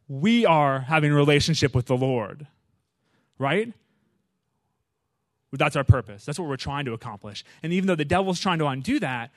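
A male preacher talks to his audience in an easygoing, lively sermon style. His voice sits a bit high for a man. The sound is dry and close. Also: no room sound. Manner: animated, acts out his own prayers with rising intensity; informal, frequent "you know" and "right?" asides to the audience. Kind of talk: conversational sermon.

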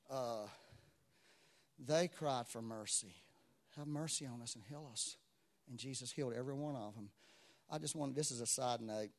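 A man with a mid-range voice preaches a sermon, telling stories that swing vividly between loud exclamations and quiet asides.

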